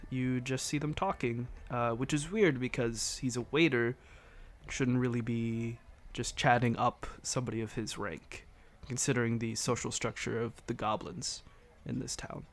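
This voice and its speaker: A man narrating a tabletop game as game master, halting and correcting himself as he goes. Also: mid-range voice, steady tone.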